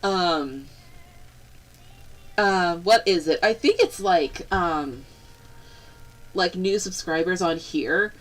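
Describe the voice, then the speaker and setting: A young woman chatting casually on a live stream, rambling and bubbly, breaking into excited squeals. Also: fairly low pitch, takes it slowly, pauses often, soft background music, rough recording.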